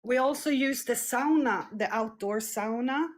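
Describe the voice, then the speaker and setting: Young woman, slow and hesitant, casual street chat. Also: a little high. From Scandinavia. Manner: hesitant, searching for words, many fillers. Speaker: street interviewee. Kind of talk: casual conversation.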